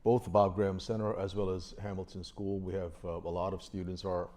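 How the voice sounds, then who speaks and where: Low, mellow man moderating a talk. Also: little pitch movement, a little fast. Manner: asks long, searching questions with restarts. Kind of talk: moderated on-stage conversation. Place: university event hall.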